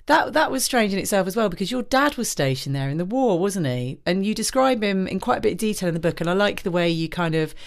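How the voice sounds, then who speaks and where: A woman's voice: medium pitch, animated, quick pace, hardly any pauses. A woman interviewing a guest in casual chat, prompting her with encouraging questions.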